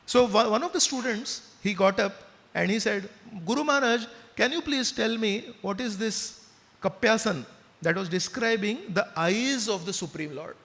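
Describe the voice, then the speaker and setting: A man's voice: sits high, normal speed. A man with an Indian accent gives a devotional talk, telling a story and asking his listeners questions. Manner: animated storyteller, asks the audience questions. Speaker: spiritual speaker. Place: temple hall with listeners. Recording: long reverb of a hall.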